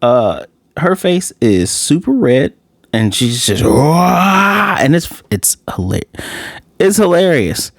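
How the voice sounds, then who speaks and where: A man giving a casual, animated episode review, ranting and acting out the characters' lines as he goes. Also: medium pitch, slow, no echo, studio quality. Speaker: anime reviewer.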